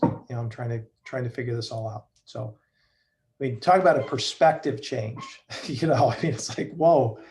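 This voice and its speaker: A man's voice: mid-range voice, darkish tone. A middle-aged man giving a conversational talk to a group, with plenty of fillers and restarts.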